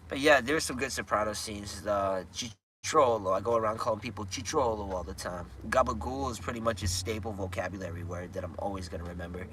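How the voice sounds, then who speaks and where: With a lowish, bright, forceful voice and slight background noise, a man chats casually on a live stream. He wanders through his talk, restarting sentences frequently and chuckling occasionally as he recounts scenes.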